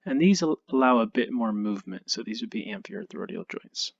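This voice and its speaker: Man, anatomy lecture, lowish voice, casual and self-deprecating, dry muffled recording. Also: brisk, no echo. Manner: relaxed, self-deprecating, thinks aloud with many ums. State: tired, yawning. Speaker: anatomy instructor. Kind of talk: recorded lecture over slides.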